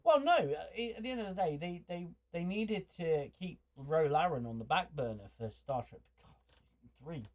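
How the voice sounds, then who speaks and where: A man's voice: on the high side, expressive, normal speed, darkish tone. Male livestream host, mid-range voice, chatty and stumbling, muffled lo-fi sound. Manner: stammering, repeats words while thinking; chuckles often, chatty. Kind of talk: livestream chat reading viewer comments.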